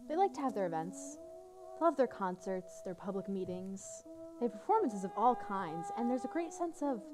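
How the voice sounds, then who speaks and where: A woman's voice: on the high side, lightly acted. An actress narrating on stage, describing a city and guiding the listener through it in a live theater performance, with music behind her. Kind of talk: theatrical storytelling. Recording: clear music under the voice.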